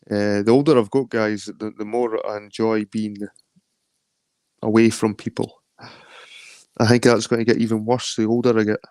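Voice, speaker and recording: A man's voice: on the low side, a little mellow, no echo. Scottish man rambling on a phone stream. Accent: Edinburgh Scottish. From Scotland. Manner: rambling and profane, greets viewers by name. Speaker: livestream host. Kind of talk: casual live-stream chat.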